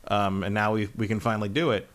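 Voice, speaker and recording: Relaxed male co-host, lowish voice, loose and easygoing delivery. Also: quick pace. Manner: relaxed, rambling, many fillers. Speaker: podcast co-host. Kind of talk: casual gaming podcast chat.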